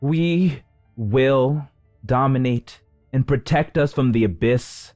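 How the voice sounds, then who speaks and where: A man voicing a commanding woman who leads a council, proclaiming in a raised, forceful voice. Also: mid-range voice, slow pace, dry recording, studio quality, faint music behind, voice pushed up, close to an everyday voice. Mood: rallying. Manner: proclaiming, rallying a crowd.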